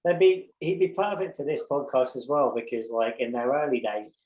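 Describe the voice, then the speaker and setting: A man's voice: mid-range voice, moderate pace, darkish tone, roomy sound, rough recording. A man, a musician guest on a podcast, telling a long tour story in a rambling, profane way, full of restarts. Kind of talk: casual anecdote telling.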